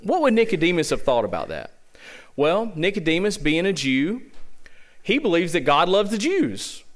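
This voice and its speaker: A man's voice: sits high, huge pitch swings. A man with a Southern US accent preaching a sermon as pastor, asking rhetorical questions and repeating key phrases for emphasis. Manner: opens with a slow, hushed prayer.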